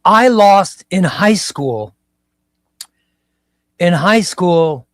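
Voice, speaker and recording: Slow-talking man hosting a live stream. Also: high voice, lively intonation, no room sound, clean studio sound. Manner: slow, reflective, repeats phrases. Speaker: livestream host. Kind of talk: casual live stream chat. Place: home room.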